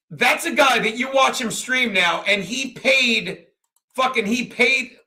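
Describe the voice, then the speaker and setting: A man's voice: sits high, sharp tone. A man hosting a livestream, ranting crudely and rambling, laughing often as he reads chat. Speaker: livestream host. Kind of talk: profane livestream rant and chat.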